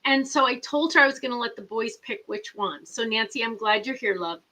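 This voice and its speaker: Chatty middle-aged woman host, bright voice, rambling live-chat delivery. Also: on the high side, brisk, low-quality recording. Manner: chatty, rambling, reads viewer comments aloud.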